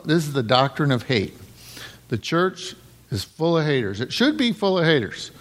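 Gravelly-voiced man preaching a casual sermon. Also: on the high side. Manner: conversational, asks the congregation "right?" often. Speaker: pastor.

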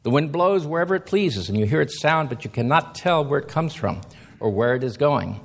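Husky preacher man with lively pitch. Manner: reads scripture slowly, then explains with emphatic rises. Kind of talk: sermon.

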